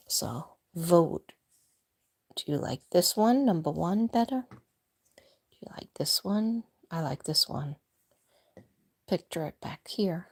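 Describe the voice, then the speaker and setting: A woman chatting casually on a live stream from home, rambling and soft-spoken, often dropping to a whisper. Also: lowish voice.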